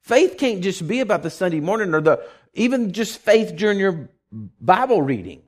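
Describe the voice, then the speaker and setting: Animated man preaching a folksy sermon. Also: sits high, normal speed. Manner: animated storytelling, acts out voices; folksy, conversational.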